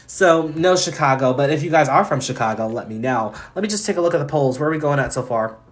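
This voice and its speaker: A man's voice: a little high, expressive, quick pace. A man hosting a live stream, giving casual astrology readings in a chatty way, often laughing and reeling off chart placements.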